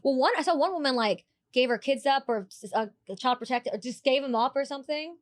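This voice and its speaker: A woman's voice: high voice, a little fast, dry recording. A woman co-hosting a podcast, chatting casually and telling stories with strong opinions. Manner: animated, opinionated storyteller. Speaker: podcast co-host. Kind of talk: casual chat.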